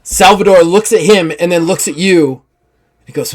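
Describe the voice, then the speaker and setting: A man narrating as game master of a tabletop role-playing game, animated and voicing the characters in quick bursts. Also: high voice.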